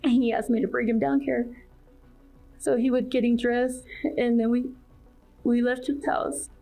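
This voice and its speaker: A woman giving a rushed, halting account as a witness in a police interview. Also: on the high side, level tone, gravelly, warm tone, faint music behind.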